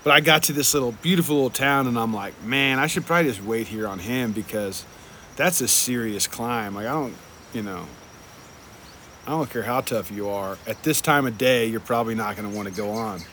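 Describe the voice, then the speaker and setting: A man's voice: medium pitch, brisk, pushed and bright, a little hiss or hum. A young man telling a rambling travel story in a casual, laid-back way, swearing often and filling his talk with "like" and "dude". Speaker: traveling motorcycle vlogger.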